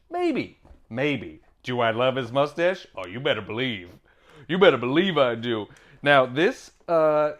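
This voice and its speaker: Man unboxing board games, joking, lively swooping voice, bit high. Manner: playful, goofy, quick asides. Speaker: board game reviewer.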